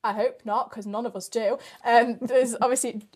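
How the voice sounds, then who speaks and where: A woman hosting a casual chat, talking in an animated, chatty way full of "like". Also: on the high side, moderate pace. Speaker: podcast host.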